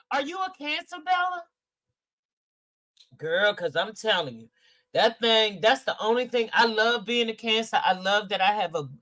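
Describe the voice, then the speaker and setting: A woman's voice: medium pitch, fairly bright tone. A middle-aged woman hosting a podcast, chatting casually with viewers in a candid, emotional way, swearing freely and sounding teary. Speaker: podcast host. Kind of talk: casual livestream chat, reading viewer comments.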